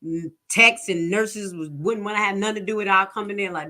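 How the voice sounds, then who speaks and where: A woman's voice: medium pitch, fairly quick, hardly any pauses, bright, forceful tone. A woman giving casual commentary, telling stories in a blunt, profane, preachy way. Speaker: commentary vlogger.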